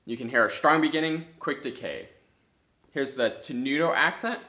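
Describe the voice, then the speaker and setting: A man teaching music in an instructional video, explaining step by step in a clear, methodical way. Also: medium pitch, moderate pace, pushed and bright. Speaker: clarinet teacher. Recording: echoey room.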